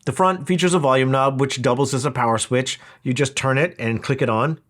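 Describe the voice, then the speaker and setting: A man's voice: medium pitch, brisk, fairly bright tone. A man talking through a product review in a casual, wry, conversational way. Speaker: audio equipment reviewer.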